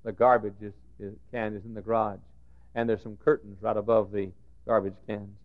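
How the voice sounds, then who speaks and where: Preacher with a drawl, lo-fi tape. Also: male voice, lowish voice, little pitch movement, normal speed. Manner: swings from hushed storytelling to shouted outbursts. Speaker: pastor. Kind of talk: sermon. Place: church sanctuary.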